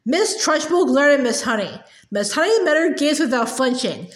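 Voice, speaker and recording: Lady reading a kids' chapter book aloud, pretty high voice, room echo. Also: very animated, moderate pace, few pauses. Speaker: storybook reader.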